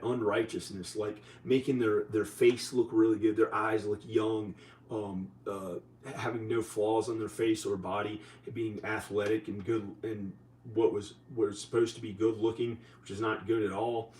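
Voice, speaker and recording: A man vlogging in a rambling, halting way, full of restarts, sounding tired and short on sleep. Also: on the low side, a little mellow, roomy sound, far from the mic, rough recording. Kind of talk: rambling casual monologue to camera.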